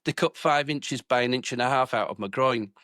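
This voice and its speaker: A man, a racing driver, telling a funny anecdote in a lively way and chuckling at his own punchlines. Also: mid-range voice, a little fast, no room sound, clean studio sound. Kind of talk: humorous anecdote told to a listener.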